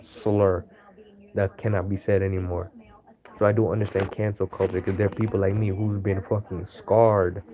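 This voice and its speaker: A man with a somewhat low voice talks his way through an unscripted monologue, stopping often to hunt for the right word. The audio is a little dull and lo-fi. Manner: rambling, searching for words with many fillers. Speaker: astrology video host.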